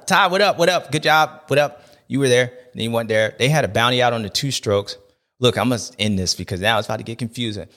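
A man's voice: mid-range voice, quick pace, creaky. A man hosting a race recap show, talking in a loose, slangy, joking rant that rambles from one aside to the next. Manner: animated, rambling, slangy, jokey. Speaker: show host.

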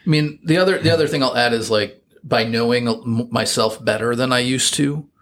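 A man's voice: mid-range voice, fairly quick, fairly bright tone. Rambling middle-aged American man. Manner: reflective, rambling with frequent fillers and restarts. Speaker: guest. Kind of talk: casual interview chat.

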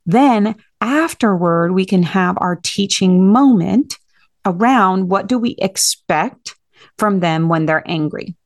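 An earnest woman delivers a parenting-advice monologue as a podcast host, speaking directly and steadily like a coach. Her voice sits in an ordinary middle pitch. The sound is dry, with hardly any room around it. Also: no echo.

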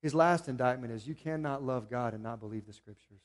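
A man preaching a sermon as pastor. He builds to emphatic peaks, then drops to quiet, earnest appeals. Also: mid-range voice, fairly quick.

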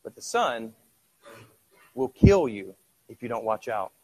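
Middle-aged guy preaching, chatty, tosses questions at the crowd, gets quiet then loud. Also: medium pitch, huge pitch swings, a little slow. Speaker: pastor. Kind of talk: sermon.

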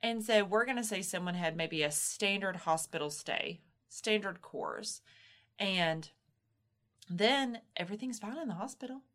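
A woman's voice: medium pitch, expressive, unhurried, fairly bright tone. A woman co-hosting a podcast, explaining things in a reassuring, plain way and sometimes acting out what a mother thinks. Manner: explanatory, reassuring, acts out moms' inner voices. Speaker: podcast co-host explaining postpartum health. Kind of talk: casual podcast chat.

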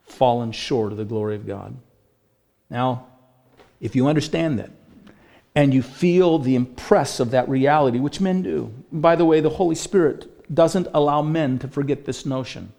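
A male pastor delivering a radio sermon, earnest, swinging between loud emphatic stretches and hushed, grave ones. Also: medium pitch, gravelly.

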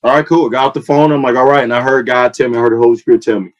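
A man's voice: rapid-fire, dull audio. A man, telling a personal faith story in casual conversation, acting out quotes with a rising voice. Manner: animated storytelling, acts out quotes with rising pitch. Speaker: youth football coach and sports training founder. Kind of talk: casual testimony in a podcast chat.

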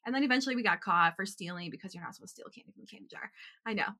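A young adult woman co-hosting a podcast, telling a quick, chatty story about her school years with frequent giggles. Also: mid-range voice, bright, forceful tone. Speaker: podcast co-host. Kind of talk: casual chat, storytelling.

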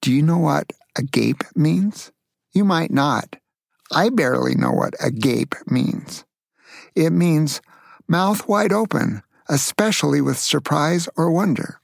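Older man, grandpa storyteller, playful, asks listeners questions, gravelly, dry close sound. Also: a little high, expressive, slow, no echo. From Tacoma, Washington, USA.

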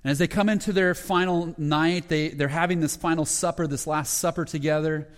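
A man preaching as pastor speaks a little fast with fairly even intonation, telling the story conversationally. Frequent restarts and lower-voiced quotations mark his delivery, which trails off in long reverb.

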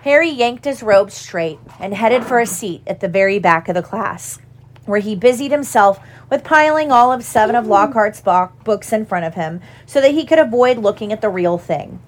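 A woman narrating a storybook aloud at a steady, even pace. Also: medium pitch, moderate pace, a little hiss or hum. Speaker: audiobook reader.

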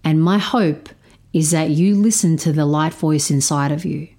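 A woman telling a story about parenting her stepdaughter, speaking in a slow, measured, reflective way. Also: low-pitched, dark tone. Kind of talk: storytelling talk.

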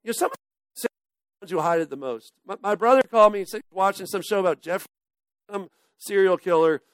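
High-pitched guy preaching, chatty sermon, voice sinks real quiet at the ends, dry sound. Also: brisk, clear, resonant tone, no echo. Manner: conversational, often dropping to a hush at phrase ends. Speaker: pastor.

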